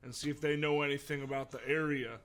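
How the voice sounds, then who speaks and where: Easygoing bright-voiced man. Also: fairly high pitch, steady tone, fast talker. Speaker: livestream co-host. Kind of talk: casual banter and story role-play.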